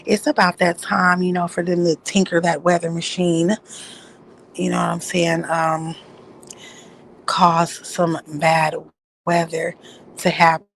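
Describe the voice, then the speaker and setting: Gravelly-voiced woman, rambling profane chat. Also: lowish voice, flat delivery, unhurried, pauses often, poor audio. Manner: profane, rambling storytelling with loud acted outbursts. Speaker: vlogger. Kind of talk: casual chat.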